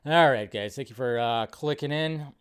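A man's voice: mid-range voice, moderate pace, smooth. A young man hosting a casual live stream, chatting loosely and greeting viewers by name. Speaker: live show host.

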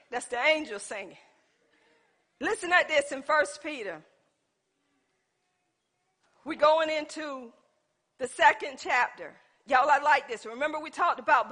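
A woman preaching a sermon in church, shouting some lines and dropping to soft asides. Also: high voice, lively intonation, unhurried.

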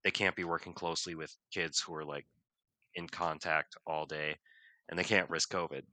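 A man who teaches vocal music talks through a story in a loose, rambling way, full of fillers and quick laughs. His voice sits a little low but sounds very bright and forward. The recording is dry and close, with no room sound. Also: steady tone, dry recording. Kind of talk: casual podcast chat.

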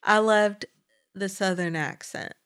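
A woman's voice: medium pitch, slow, smooth. A woman co-hosting a casual chat, telling stories animatedly and acting out quotes. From Washington State, US. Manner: animated storyteller, acts out quotes. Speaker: podcast co-host.

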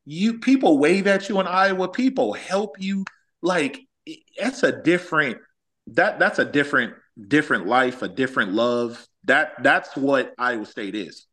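A man's voice: fairly high pitch, normal speed. A man from Los Angeles, a former college athlete, telling stories in a casual chat and acting out quotes. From Los Angeles, California. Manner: animated, acts out quotes, says "like" often.

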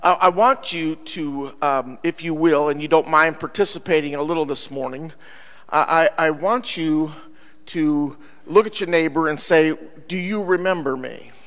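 A man pastor preaching a lively sermon to his congregation, joking with them as he goes. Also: on the high side, moderate pace. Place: church sanctuary. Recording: church hall reverb with faint music.

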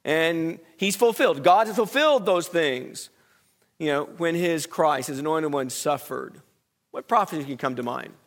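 A man's voice: a little high, animated, moderate pace. A man teaching a Bible study lesson in a conversational way, asking the class questions and often restarting his sentences.

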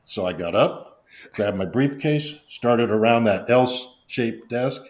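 A man's voice: medium pitch, takes it slowly. An older man, a former baseball executive, telling long rambling stories in a podcast interview and acting out the quotes. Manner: rambling anecdotes with restarts and acted-out quotes.

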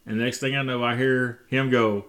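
A man's voice: medium pitch, normal speed. Middle-aged texas guy chatting on a family podcast, laughs a lot telling stories. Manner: animated storyteller, laughs often. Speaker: podcast co-host. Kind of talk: casual family chat.

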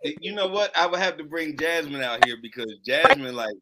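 A man's voice: a little high, lively intonation, normal speed, heavy background noise. A man co-hosting a podcast in a casual, candid chat, swearing freely. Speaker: podcast co-host.

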